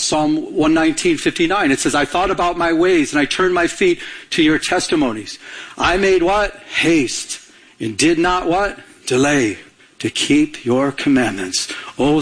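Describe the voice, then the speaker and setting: Husky-voiced man preaching urgently. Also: a little high, a bit bright. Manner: urgent, repetitive, call-and-response preaching. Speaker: pastor. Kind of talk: sermon.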